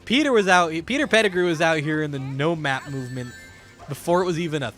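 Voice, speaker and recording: A man's voice: fairly high pitch, expressive, quick pace, fairly bright tone, soft background music. Profane, wry male game streamer. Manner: profane, wry, jumpy, answers chat. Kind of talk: casual live-stream commentary while gaming.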